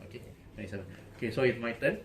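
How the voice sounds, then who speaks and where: A man's voice: mid-range voice, very fast, slight background noise. A man demonstrating a word game casually, saying okay often and counting points aloud.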